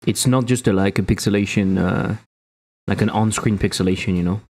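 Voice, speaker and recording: A man with a French accent streaming as a game developer, excitable and self-mocking, swearing often as he talks through his work. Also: on the low side, a little fast. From France. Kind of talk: casual live-stream commentary while coding.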